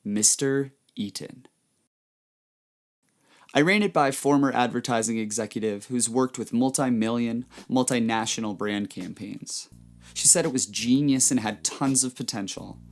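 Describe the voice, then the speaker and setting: A man hosting his podcast, giving a measured, reflective scripted narration. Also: medium pitch. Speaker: podcast host.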